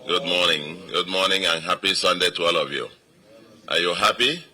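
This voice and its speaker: A man's voice: low-pitched, normal speed, bright, forceful tone. A man with a Nigerian accent, a state governor giving an emphatic victory speech to supporters and repeating phrases for weight.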